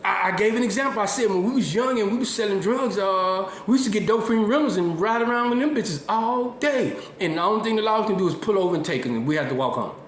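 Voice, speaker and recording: A man's voice: sits high, expressive, fast talker, hardly any pauses. A man giving heated, preachy solo commentary, rambling and swearing as he drives his points home. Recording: echoey room with faint noise.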